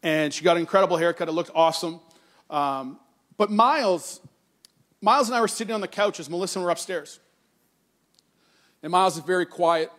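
A middle-aged male pastor giving a sermon, telling a family story with animated quoted voices, then turning earnest and soft on scripture. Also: high-pitched, fairly quick, pauses often.

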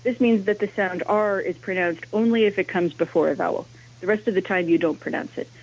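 A woman's voice: medium pitch, fairly quick, a little mellow, husky. A woman academic, a language historian, explaining her subject as a radio interview guest. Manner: explanatory, lecturing. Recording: dull lo-fi radio sound.

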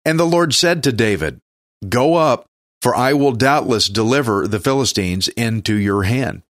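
A man's voice: mid-range voice, animated, normal speed, no room sound, studio quality. A man from Texas with a Texan accent, teaching the Bible on a radio show in a casual, folksy, joking way, sometimes stumbling over names.

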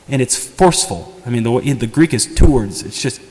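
A man's voice: mid-range voice, animated, normal speed, darkish tone. A man preaching a sermon as parish priest, conversational and earnest, often pleading. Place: church. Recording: long church reverb.

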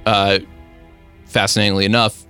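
A man's voice: on the low side, level tone, normal speed, pushed and bright, faint music behind. A young man hosting a radio show, chatting casually in a laid-back, rambling, self-deprecating way. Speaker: radio host. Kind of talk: casual chat.

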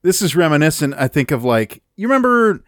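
A man's voice: a little high, big pitch swings, fairly quick, no room sound, studio quality. A man casually chatting about a movie with his co-host, laid-back and joking. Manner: laid-back, says "dude" and "right?" a lot. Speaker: podcast co-host.

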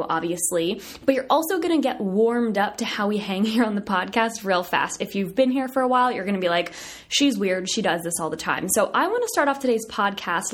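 A young woman from southern Virginia hosting her own podcast, talking in a bubbly, chatty, self-deprecating way. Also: medium pitch. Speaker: podcast host. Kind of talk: casual solo podcast chat.

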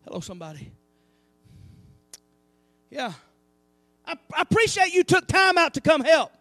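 High-voiced preacher man, animated delivery. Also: unhurried. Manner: animated preaching with call-and-response asides. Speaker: pastor. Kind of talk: sermon. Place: church sanctuary.

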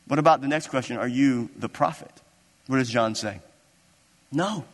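A man's voice: mid-range voice, moderate pace, in a large hall. A man preaching a sermon as pastor, impassioned and building into emphatic, repeated declarations.

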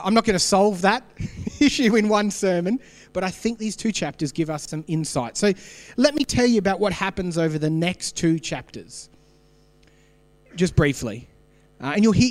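A man's voice: sits high, big-room sound. An Australian man preaching a sermon, telling stories in a conversational way and putting questions to the congregation. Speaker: pastor.

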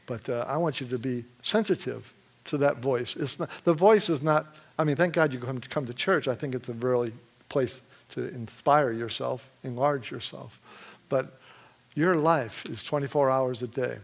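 A man from Michigan giving a testimony in a sermon, telling his story with animated energy and frequent laughs. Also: medium pitch, normal speed, vocal fry. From Michigan, USA.

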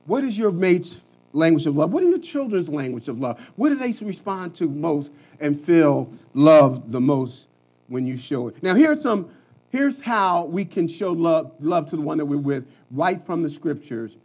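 A man preaches in a high voice with passion. He repeats phrases and swings from quiet asides to sudden loud bursts. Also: very animated, moderate pace. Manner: impassioned preaching with repetitions and sudden loud peaks. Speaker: pastor. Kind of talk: sermon.

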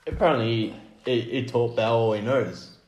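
A man's voice: mid-range voice, moderate pace, highs cut off, a crowd in the background. A man telling stories in a podcast chat, rambling and restarting his sentences. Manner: rambling storyteller, restarts a lot. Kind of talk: casual chat. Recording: roomy echo.

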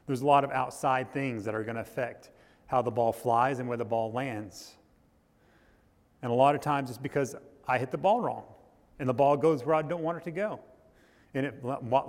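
Storytelling man preaching in a reverberant hall. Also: medium pitch. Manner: storytelling with restarts and rising intensity. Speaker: pastor. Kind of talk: sermon. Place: church.

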